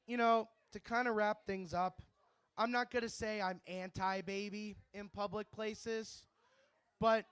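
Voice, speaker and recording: A man's voice: sits high, a bit bright, smooth, no room sound. A young man doing a rambling, brash stand-up set at a bar open mic, swearing freely. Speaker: stand-up comedian.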